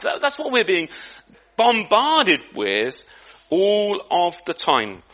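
Animated high-pitched male preacher. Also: takes it slowly. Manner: conversational, with frequent restarts and asides; animated and lively emphasis. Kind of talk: sermon. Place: church.

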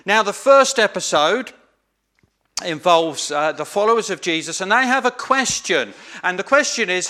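A man's voice: high-pitched, expressive, moderate pace, bright, forceful tone. A man preaching an earnest sermon, stressing key phrases by repeating them. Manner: earnest, emphatic, with repeated phrases and small restarts.

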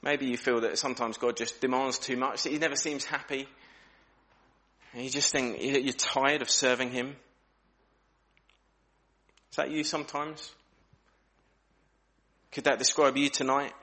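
A man preaching an evening church sermon, acting out questions in lively voices. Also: medium pitch, a little slow, long pauses.

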